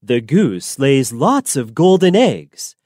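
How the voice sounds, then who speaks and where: A woman narrating a simple storybook in a clear, deliberate way for learners. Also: very deep voice, sing-song, warm tone, no echo, studio quality.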